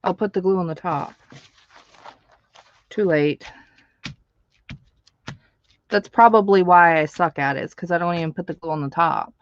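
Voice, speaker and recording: A woman's voice: lowish voice, normal speed, pauses often, no room sound, muffled recording. A woman hosting a live stream, chatting casually with viewers while she crafts, laughing often.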